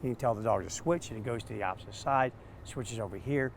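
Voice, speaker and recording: A man, a dog trainer, telling stories in an interview, animated and acting out quotes. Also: medium pitch, fast talker, creaky, slight background noise. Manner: animated, acts out quotes with laughs. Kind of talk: storytelling interview answers.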